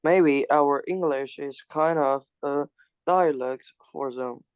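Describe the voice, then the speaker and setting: A man's voice: fairly high pitch, clear, resonant tone, no echo, muffled recording. A man studying English, reading a practice dialogue aloud and stumbling over words with fillers. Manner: hesitant, halting with fillers. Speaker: English student.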